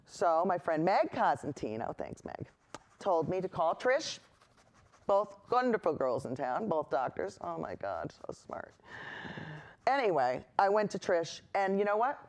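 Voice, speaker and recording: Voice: mid-range voice, very animated, measured pace. Rambling, reassuring painting teacher. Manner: rambling, reassuring, wanders into personal asides. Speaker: painting instructor and host. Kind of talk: chatty on-camera painting lesson.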